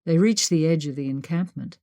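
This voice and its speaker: A woman narrating an adventure audiobook in a steady, clear storytelling voice. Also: low voice, a little fast. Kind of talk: scripted narration.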